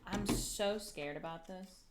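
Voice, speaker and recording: A woman's voice: mid-range voice, slow pace, very noisy. A woman chatting on a casual livestream while she builds a craft piece, nervous, swearing often and talking to herself. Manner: talks to herself and the objects. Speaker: streamer.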